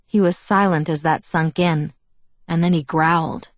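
A woman narrating a novel in the first person, measured and even. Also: sits low, dry recording. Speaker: audiobook narrator.

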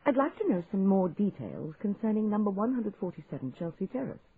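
A sharp-tongued, determined young woman, as a male reader puts her on, brisk and cutting with a lively, rising voice. The sound is tinny and phone-like, with a faint hiss behind it. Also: high-pitched, creaky, voice pushed up, full character voice. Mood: brisk, indignant. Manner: brisk, cutting, mock disbelief. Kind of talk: audiobook dialogue.

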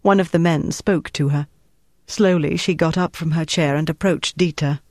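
Man, audiobook narration, slightly high voice, dry close sound, measured pace. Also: no room sound. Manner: measured, even storytelling delivery. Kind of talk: scripted narration.

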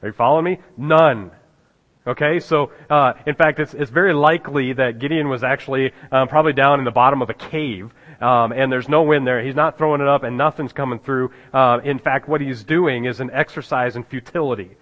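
A man preaching a conversational sermon as a pastor, pausing often with fillers and restarts, and chuckling at the scripture he reads. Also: medium pitch, fairly bright tone. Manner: halting, many fillers and restarts, chuckles at the text. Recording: dull sound in a reverberant hall.

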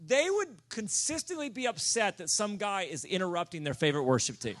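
A man preaching to a room, telling self-mocking stories in a lively, animated way and breaking into loud comic shouts. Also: sits high, fairly quick. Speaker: pastor. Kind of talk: sermon storytelling. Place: church or conference room.

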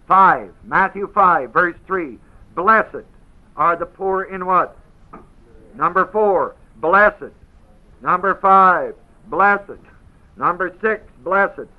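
A man's voice: a little high, lo-fi sound. A man teaching a Bible class. He reads verses with heavy emphasis and keeps putting questions to his listeners.

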